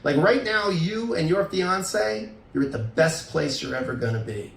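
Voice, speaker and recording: A man's voice: fairly high pitch, moderate pace, vocal fry, recorded from a distance, a little hiss or hum. A middle-aged man, a divorce lawyer, giving relationship advice in casual podcast talk and acting out the voices in his stories. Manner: animated storyteller, acts out quoted voices. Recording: roomy sound, voice a bit off mic.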